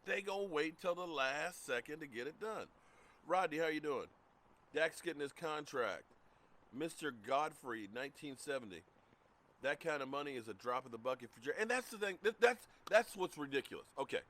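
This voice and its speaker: A middle-aged man hosting a casual live sports talk stream, greeting chat viewers by name in an animated way. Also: on the high side, moderate pace. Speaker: livestream sports show host.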